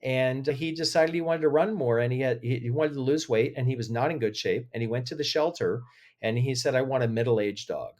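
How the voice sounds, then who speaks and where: Man, podcast guest, emotional storyteller, animated delivery. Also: medium pitch, a little fast. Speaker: podcast guest, agency head. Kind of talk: interview conversation.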